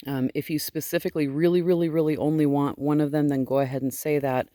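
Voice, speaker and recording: A woman's voice: deep voice, fairly even intonation, fast talker, warm tone, no echo, clean studio sound. A woman sheep farmer chatting casually outdoors in her sheep pen, cooing baby talk to her animals in between. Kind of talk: casual vlog talking to animals.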